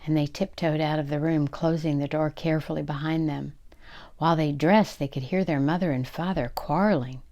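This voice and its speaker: Low, gravelly older woman storyteller. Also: fairly quick. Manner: expressive, with voices for the characters. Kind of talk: children's story read-aloud.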